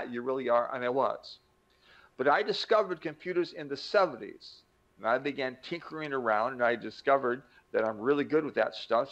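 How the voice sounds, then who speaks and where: A man's voice: medium pitch, vocal fry, muffled recording. An older man giving an emphatic motivational talk, acting out quoted voices as he teaches. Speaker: self-help teacher.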